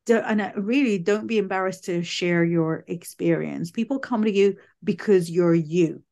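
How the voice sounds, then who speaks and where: A woman speaking as a psychic medium guest in a casual interview, chatty and animated, often restarting her sentences. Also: fairly low pitch, moderate pace, gravelly. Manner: chatty, animated, self-correcting.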